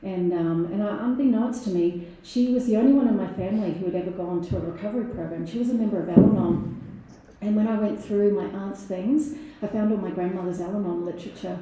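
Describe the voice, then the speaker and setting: A woman's voice: medium pitch, fast talker, mellow, slight background noise. A woman telling her recovery story at a meeting, candid and laughing often, with many fillers. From Australia. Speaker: AA meeting speaker. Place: meeting hall. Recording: very echoey hall.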